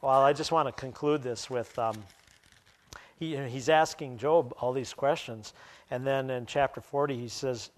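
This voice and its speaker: A man preaching a sermon as pastor, animated and wry, often chuckling at his own asides. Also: medium pitch, measured pace.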